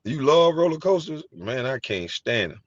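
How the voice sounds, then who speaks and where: A middle-aged man hosting a casual chat, telling animated, profane stories and laughing easily. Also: medium pitch, normal speed, dry recording. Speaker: host. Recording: dry, slightly dull sound.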